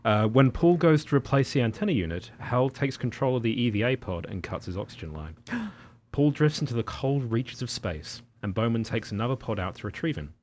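A man co-hosting a casual chat, reading plot summary and joking with loud laughing impressions. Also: mid-range voice, expressive, fairly quick, slight background noise. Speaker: podcast co-host. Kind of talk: casual chat recapping a film.

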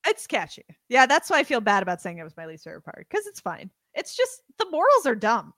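A woman's voice: on the high side, huge pitch swings, fast, fairly bright tone, no echo, studio quality. A young adult woman co-hosting a podcast in a casual, joking chat, swearing freely. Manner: playful, swears, jokey. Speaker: podcast co-host.

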